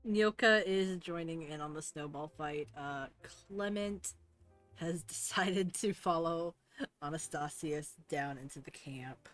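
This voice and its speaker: A woman's voice: low-pitched, takes it slowly, faint music behind. A woman narrating as game master of a tabletop game, casual and laid-back.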